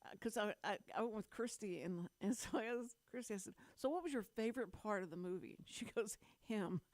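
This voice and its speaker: A woman in her fifties hosts a community radio talk show, chatting loosely and laughing often. Her voice sits at a middle pitch. The studio sound is dry and close. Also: fairly quick, a little mellow, dry recording. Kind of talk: casual on-air chat.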